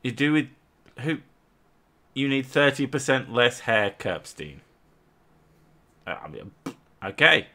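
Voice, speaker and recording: A Scottish man in his thirties banters through a casual stream, cursing and joking as he goes. His voice is bright and forward, and he talks at an unhurried pace. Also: mid-range voice, very animated. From Scotland. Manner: sweary, jokey banter.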